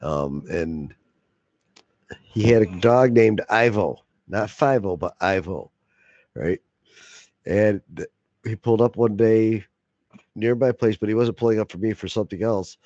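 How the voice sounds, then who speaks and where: A man's voice: lowish voice, unhurried, long pauses, darkish tone, no room sound, dull audio. A man telling a long profane story in a casual way, laughing often and acting out the other voices. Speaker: video blogger.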